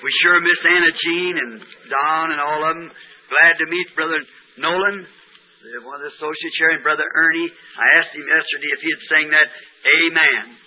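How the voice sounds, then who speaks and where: Hoarse older preacher on tinny tape. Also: male voice, on the high side, fairly even intonation, moderate pace, slight background noise. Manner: homespun, chatty, asks the crowd questions. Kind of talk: informal sermon to a congregation. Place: church meeting hall. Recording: tinny lo-fi tape of a church service.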